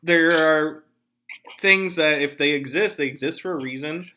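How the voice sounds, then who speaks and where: A man hosting a podcast, talking casually about politics with animated, jokey asides. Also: on the high side, measured pace, slight background noise. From Pennsylvania. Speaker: podcast host.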